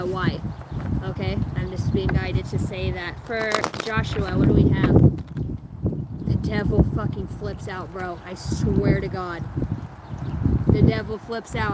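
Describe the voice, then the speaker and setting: A woman in her thirties or forties reading tarot cards live, chatting loosely with viewers and swearing freely. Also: medium pitch. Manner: loose, profane, laughing, reading chat aloud. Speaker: tarot reader streaming live. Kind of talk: casual live-stream chat and card reading. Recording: loud background noise.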